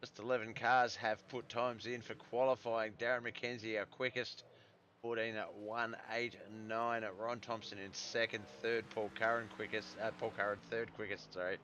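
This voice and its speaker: An Australian man commentating a live sim truck race in a relaxed, rambling way, with lots of fillers and self-corrections, his voice starting to go. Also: lowish voice, normal speed, highs cut off, slight background noise.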